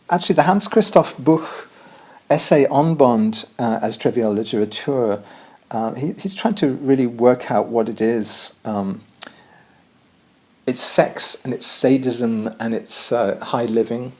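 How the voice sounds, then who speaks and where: A man's voice: on the low side, darkish tone. A man from Edinburgh, giving an informal spoken lecture full of digressions, ums and restarts. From Edinburgh, Scotland.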